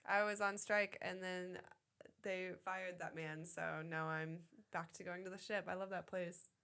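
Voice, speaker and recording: A woman's voice: on the low side, steady tone, a little slow, sharp tone, clear, resonant tone. A woman co-hosting a podcast in casual chat, rambling and swearing freely. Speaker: podcast co-host.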